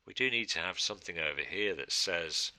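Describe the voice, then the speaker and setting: A man's voice: deep voice, animated, a little fast, bright, forceful tone. A man teaching a casual design tutorial, thinking aloud and answering his own questions as he works. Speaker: design instructor. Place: studio.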